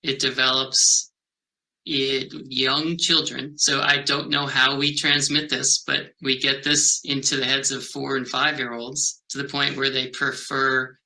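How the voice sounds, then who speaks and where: Bright-voiced male researcher, halting and thoughtful. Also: medium pitch, level tone, low-quality recording. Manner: thoughtful, halting, many "um" and restarts. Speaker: health behavior researcher. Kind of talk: interview answers.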